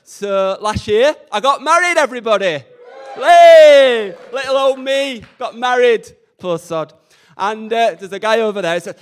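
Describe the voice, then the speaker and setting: A man's voice: very high voice, animated, a little slow, clean tone. A young man, doing cheeky, camp, self-deprecating stand-up at an open mic night. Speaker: stand-up comedian. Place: community radio open mic event.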